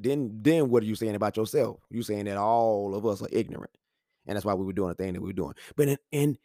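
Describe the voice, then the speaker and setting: A podcast talker from Houston, Texas, a man in his thirties, delivers a casual monologue into a studio microphone, the sound dry, close and echo-free. His voice runs on the low side, and he tells stories animatedly, acting out voices and laughing often.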